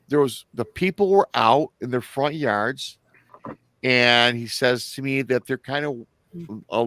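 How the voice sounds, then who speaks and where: A man's voice: mid-range voice, a bit bright, dry recording. A man from Michigan hosting a livestream, telling a story in a rambling, chatty way that often corrects itself. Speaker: host.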